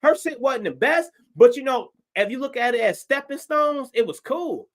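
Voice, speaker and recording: A man from Detroit, a stand-up comedian, telling a story on a livestream in a profane, animated way and acting out his own reactions. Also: very high voice, moderate pace.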